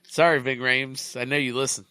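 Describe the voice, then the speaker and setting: A man's voice: mid-range voice, level tone, normal speed, sharp tone, clean tone, no echo. A man co-hosting a comedy podcast, dropping short, wry remarks into the chat. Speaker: podcast co-host.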